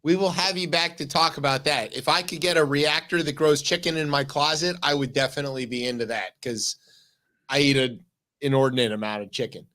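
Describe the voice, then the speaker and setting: A man hosting a comedic news talk show, telling stories excitedly with many restarts. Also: fairly high pitch, fairly quick. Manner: excited storytelling full of restarts. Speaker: radio show host.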